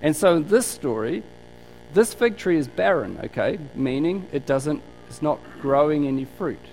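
A man's voice: fairly high pitch, animated, normal speed, a little mellow, slight background noise, low-quality recording. A man preaching a conversational sermon, telling stories and asking rhetorical questions. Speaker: pastor.

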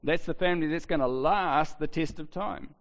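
A man preaching a sermon in a relaxed, conversational way, asking rhetorical questions and often restarting his sentences. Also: fairly high pitch, moderate pace. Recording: dull, lo-fi, long hall reverb.

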